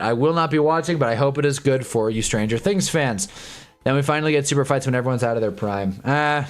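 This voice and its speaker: Tired, laid-back young man commentating football. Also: a little high. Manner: laid-back, rambling, sarcastic asides, frequent "whatever" and "anyway". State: tired, yawning. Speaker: football watch-along streamer. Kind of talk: casual live game commentary.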